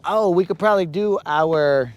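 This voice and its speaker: A man's voice: on the high side, normal speed, dry recording. A man hosting a live fishing vlog outdoors on a lake, with playful, hyped banter full of Spanish slang. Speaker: angler, channel host.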